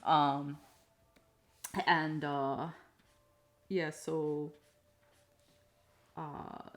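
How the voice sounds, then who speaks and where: A woman's voice: sits low, flat delivery, extremely slow. A woman streamer casually recounting a tabletop game session, rambling with many fillers and some swearing. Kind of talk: casual storytelling on a live stream.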